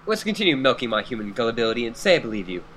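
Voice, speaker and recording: A man reads as a sardonic teenage girl who speaks in long, dry, ironic sentences. The voice is bright and sits at a middle pitch. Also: big pitch swings, very fast, soft background music, rough recording. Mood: skeptical. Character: wry, wordy teenage girl.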